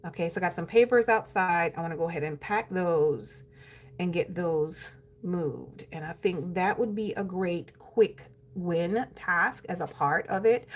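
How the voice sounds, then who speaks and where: A woman's voice: fairly low pitch, a little slow. A woman chatting casually with her viewers while planning her day, calling them "y'all" and laughing easily. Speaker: planner vlogger. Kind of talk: casual live-stream chat.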